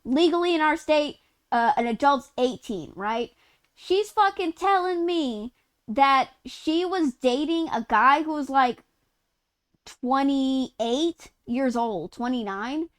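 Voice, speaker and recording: A woman's voice: high voice, animated, slow pace. A woman streamer from Utah chatting casually and rambling through a story while gaming, swearing and laughing mid-sentence.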